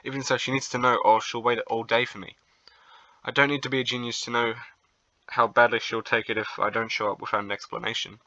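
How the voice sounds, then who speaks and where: A young man reading a visual novel aloud as its narrator, then breaking into excited, flustered reactions. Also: mid-range voice, a little fast, no room sound, lo-fi sound.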